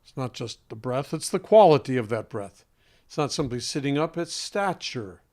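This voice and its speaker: A man working as a voice coach, speaking to an interviewer in a deliberate, emphatic way with pointed pauses and a singer's trained voice. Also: medium pitch, lively intonation, a little mellow.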